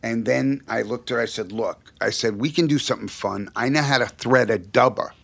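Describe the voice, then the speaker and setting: A middle-aged man, a music producer, telling an animated story and acting out the quotes, with many restarts. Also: medium pitch, a little fast, creaky. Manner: acts out quotes, restarts often.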